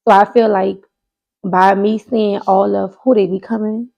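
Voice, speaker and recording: A woman's voice: medium pitch, little pitch movement, vocal fry, darkish tone, dull audio. A woman in her thirties co-hosting a casual podcast chat, speaking candidly and emphatically. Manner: candid and emphatic, quick bursts. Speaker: podcast co-host.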